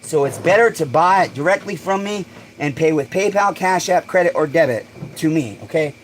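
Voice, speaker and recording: A man hosting a casual livestream, excitable and swearing freely, bursting into shouts. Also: on the high side, normal speed, slight background noise, poor audio. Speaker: livestream host.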